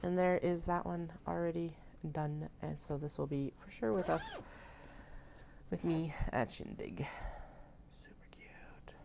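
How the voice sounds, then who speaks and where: A woman's voice: lowish voice, a little slow, creaky, dark tone, a little hiss or hum. A woman in her thirties chatting casually and thinking aloud while she sews on a live stream at home, self-mocking and talkative. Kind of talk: casual chat while working.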